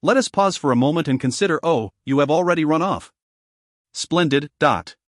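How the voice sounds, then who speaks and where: A man voicing a witty, refined male warlock gentleman who talks in a wry, courtly manner. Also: a little high, expressive, moderate pace, no echo, studio quality, close to an everyday voice.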